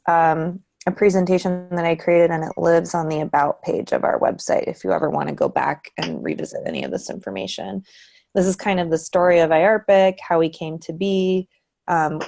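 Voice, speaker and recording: Low-voiced woman with a gravelly edge. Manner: relaxed, many ums, light laughs. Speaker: presenter for a research committee. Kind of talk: casual online tutorial.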